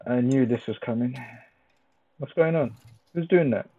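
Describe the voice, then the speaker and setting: Playing a game with friends, this Minecraft let's player chats casually and jokes around, teasing and laughing a lot. His husky, mid-range voice moves at a moderate pace. The voice chat sounds dry and phone-like.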